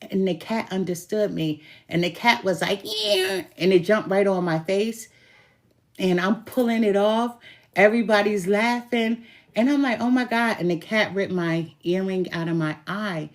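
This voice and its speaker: A tarot reader who calls herself a good witch talks to camera at normal speed in a mid-range voice. She's chatty and laughs easily, throwing in a few curse words as she tells her stories.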